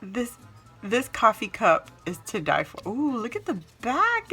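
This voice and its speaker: High, gushing woman crafter. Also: huge pitch swings, a little slow, sharp tone, faint music behind. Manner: gushing, squealing exclamations. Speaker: craft channel host. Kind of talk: casual unboxing chat.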